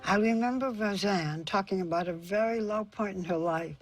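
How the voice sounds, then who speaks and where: A woman hosting a TV interview special, asking gentle, probing questions and narrating between clips. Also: mid-range voice, moderate pace, soft background music. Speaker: TV interviewer and host.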